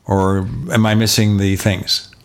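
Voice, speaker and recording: Low-voiced man asking probing questions. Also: little pitch movement, measured pace. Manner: quizzical, prodding questions. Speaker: podcast host. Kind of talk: casual tech talk.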